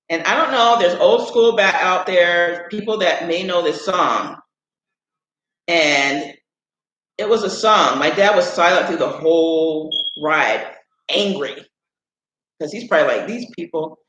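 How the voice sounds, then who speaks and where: This high, fairly bright-voiced man from Illinois, USA, casually recounts a wandering childhood tale during a live stream, frequently saying "anyways" and "right?" His room echoes and the audio sounds dull.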